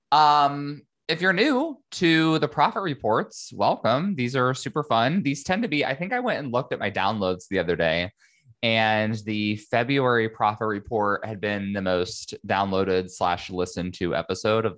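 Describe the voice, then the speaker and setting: Casual male podcast host, low voice, chatty and upbeat, lots of ums and likes. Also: a bit bright. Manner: chatty, filler-heavy, upbeat and conversational. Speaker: podcast host, business educator. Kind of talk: casual solo podcast monologue.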